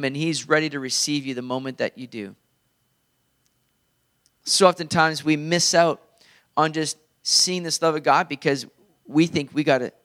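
A man's voice: fairly high pitch, fairly bright tone. A male pastor preaching a sermon in an earnest, conversational way.

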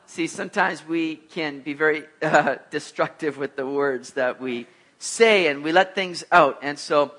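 Middle-aged man, pastor, sermon, animated storyteller, high bright voice. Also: unhurried. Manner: animated storyteller, acts out voices, laughs at himself. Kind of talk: sermon with personal stories.

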